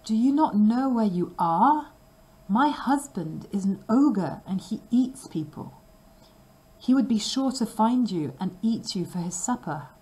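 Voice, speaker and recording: A woman's voice: mid-range voice, very slow, hardly any pauses, mellow, low-quality recording. A woman voicing a frightened but kindly ogre's wife with an anxious, urgent manner in a storybook reading. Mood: alarmed.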